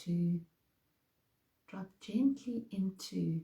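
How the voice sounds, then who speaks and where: A woman leading a slow guided breathing meditation in a soft, calm voice. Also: medium pitch, gravelly, echoey room, poor audio. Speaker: meditation teacher.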